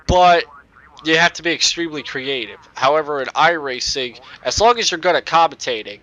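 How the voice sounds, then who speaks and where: A young man with a nasal voice, rambling excitedly and swearing at the game while he plays and chats on a cheap microphone. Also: fairly high pitch, fairly quick. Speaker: gaming YouTuber. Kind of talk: casual gameplay commentary.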